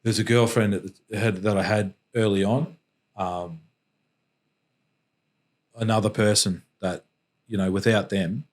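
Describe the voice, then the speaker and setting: Low-voiced Australian man, halting storyteller. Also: fairly even intonation. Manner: halting and reflective, frequent restarts. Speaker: podcast guest. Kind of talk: emotional personal storytelling.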